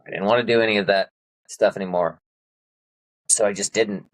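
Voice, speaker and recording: A man talking in a casual conversation, halting and hesitant, restarting his sentences often. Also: lowish voice, no echo, rough recording.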